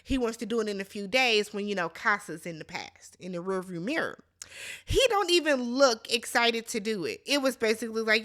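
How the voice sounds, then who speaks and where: A woman's voice: a little high, lively intonation, brisk, a bit bright. A woman hosting a casual reality TV recap, sassy and chatty, talking straight to her viewers. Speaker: recap host.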